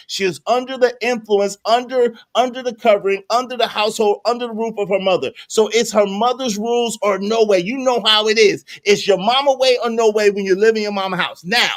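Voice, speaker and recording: High-voiced middle-aged man arguing heatedly. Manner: argumentative, talks over others, repeats "hold on". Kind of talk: heated live-stream debate.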